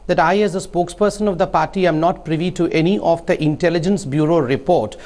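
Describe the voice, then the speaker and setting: A man's voice: on the high side, quick pace, darkish tone. Emphatic male party spokesperson. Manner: emphatic, point-by-point rebuttal. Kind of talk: debate argument.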